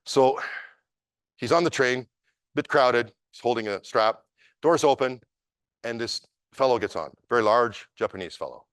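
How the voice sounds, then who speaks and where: A man teaching at a martial arts seminar tells a story in an animated, emphatic way. His voice sits in a middle pitch for a man. The recording is dry and close, with little room echo. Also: normal speed, pauses often.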